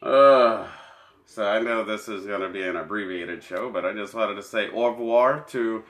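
A man's voice: lowish voice, normal speed, fairly bright tone, echoey room. A man co-hosting a podcast, chatting casually and crudely, rambling, joking and often laughing. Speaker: podcast co-host.

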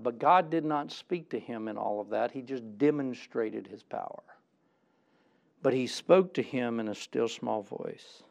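A middle-aged male pastor delivering a sermon in a notably high voice. He talks emphatically and often doubles his words when he gets stirred up. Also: unhurried, vocal fry.

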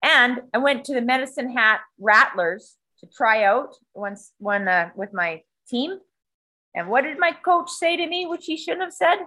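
A woman's voice: fairly high pitch, normal speed, rough recording. A woman chatting casually, swearing a lot and acting out sounds and other people's lines as she tells a story. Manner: animated, acts out other voices and sound effects. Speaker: storyteller in a conversation. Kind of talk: casual chat, swearing freely.

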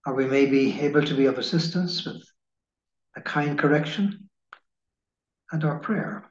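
A man giving a slow, measured spiritual reading in the manner of a preacher. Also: on the high side. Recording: echoey room, dull lo-fi sound.

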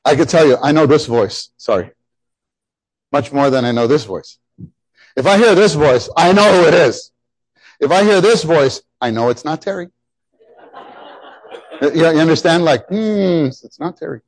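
A middle-aged man preaching a sermon, animated and emphatic, often repeating his phrases. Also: on the high side, normal speed, long pauses, no room sound. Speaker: pastor.

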